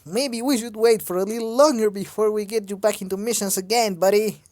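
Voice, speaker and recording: A woman's voice: mid-range voice, fairly quick, darkish tone, no room sound, pitched above the performer's own voice, natural voice. A woman reading as a cautious male team leader.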